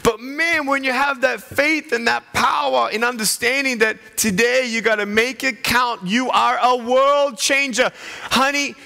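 Animated man preaching in a hall. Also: very high voice, a little slow, creaky. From Australia. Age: 30s. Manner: animated, playful, talks directly to the crowd. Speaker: guest chapel speaker. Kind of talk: motivational chapel sermon. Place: college chapel hall. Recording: echoey hall.

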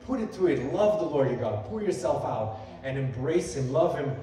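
A man's voice: on the high side, sing-song, normal speed, dark tone, slight background noise. A male pastor giving a sermon, earnest and conversational, building emphasis as he quotes scripture. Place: church sanctuary. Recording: echoey hall, voice from far off.

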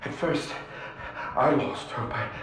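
A man's voice: takes it slowly, a bit bright. An actor playing a remorseful male scientist in a sci-fi horror game, talking in an urgent, confessional way. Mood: agitated. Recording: echoey game audio.

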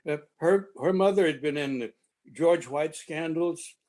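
A man in his seventies recalling a backstory in halting, rambling fashion over a video call. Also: a little high, a little mellow. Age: 70s. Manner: halting, rambling recollection with many restarts. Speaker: original cast member at a reunion. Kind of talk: reminiscing on a video panel.

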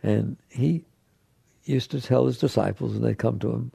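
A man's voice: mid-range voice, normal speed, vocal fry, mellow, breathy edge, no echo, studio quality. A man giving a spiritual talk to an audience as a teacher, speaking in an emphatic, conversational way that repeats key phrases.

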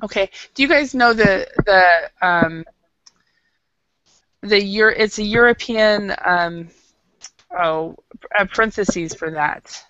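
A woman's voice: medium pitch, slow pace, pauses often, sharp tone, clean tone, no echo, dull audio. A woman teaching an English class, patient and explaining with frequent restarts. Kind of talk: classroom lesson.

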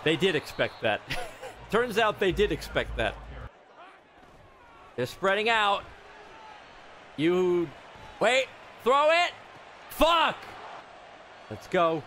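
A man giving loud, swearing commentary while playing a football video game, reacting to every play. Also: high-pitched, takes it slowly, pauses often, slight background noise. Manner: excitable, yells and swears at the game. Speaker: gamer streamer. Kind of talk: live gameplay commentary.

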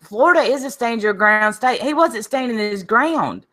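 A woman co-hosting a casual chat show, animated and opinionated, acting out quotes as she talks. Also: fairly high pitch, moderate pace. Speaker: podcast co-host.

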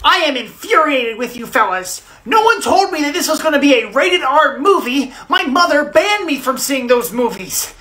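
A woman's voice: fairly high pitch, lively intonation, normal speed, bright, forceful tone. A woman voicing a fussy nerdy schoolboy in a cartoon story, prim and eager for anything educational. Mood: indignant. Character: whiny nerdy schoolboy who loves learning.

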